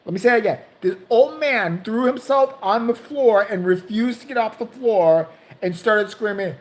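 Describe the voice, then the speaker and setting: A woman vlogger telling a story in a casual, profane, animated way, jumping into other people's voices. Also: a little high, normal speed.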